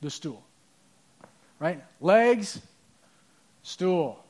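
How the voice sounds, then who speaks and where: A pastor with a fairly high voice gives a conversational sermon. He talks to the congregation with props and quick asides. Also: animated, a little mellow.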